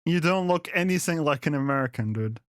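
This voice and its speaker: A man's voice: on the high side, expressive, fairly quick, soft background music. A man commenting live on a stream, reacting to clips with amused exasperation and stammered restarts.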